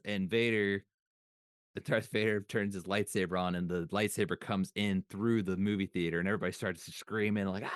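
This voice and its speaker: Here the same kind of casual podcast chat comes from a man with a fairly low, fairly even voice who talks fairly quickly. The studio sound is clean with no room noise, and he reminisces with restarts and trailing thoughts.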